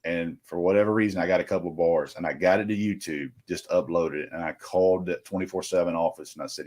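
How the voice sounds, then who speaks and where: Middle-aged male reporter, very deep voice, rambling storyteller. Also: fairly even intonation, fast talker, hardly any pauses, darkish tone. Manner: rambling anecdotal with quoted dialogue. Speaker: recruiting reporter. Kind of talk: casual storytelling.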